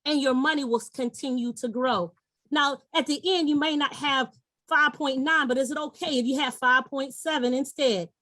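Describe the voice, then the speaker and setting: A woman's voice: high-pitched, fairly even intonation, moderate pace, bright, forceful tone, dry recording. A middle-aged woman presenting an investment webinar over a video call, upbeat and coaxing, addressing her audience directly. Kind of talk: persuasive sales pitch.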